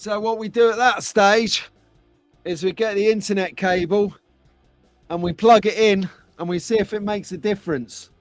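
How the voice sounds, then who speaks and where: A middle-aged man hosts a live stream from his home. He chats and jokes with viewers in a slightly high voice. His dry close-miked sound sits over faint background music. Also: fairly even intonation, moderate pace, no room sound. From England. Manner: chatty, jokey, reads out chat comments. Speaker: host of a live slot car stream. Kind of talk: casual live-stream chat.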